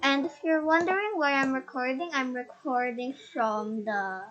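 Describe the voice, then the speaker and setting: A woman's voice: high-pitched, moderate pace, a bit bright, a little hiss or hum. A shy, nervous woman hosting a casual game house tour. She stutters and restarts often, her voice muffled by a face mask as she records on a laptop.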